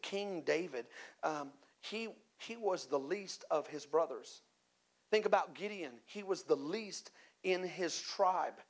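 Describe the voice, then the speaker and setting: A man preaching a sermon, speaking emphatically with chatty asides and calling out to the congregation. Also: high-pitched. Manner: conversational asides and repeated words. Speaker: pastor.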